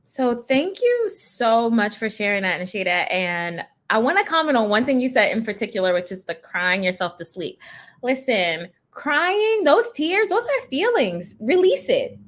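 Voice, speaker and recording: A woman's voice: a little high, fairly bright tone. A woman therapist speaking to teen girls in a panel discussion, emphatic and encouraging.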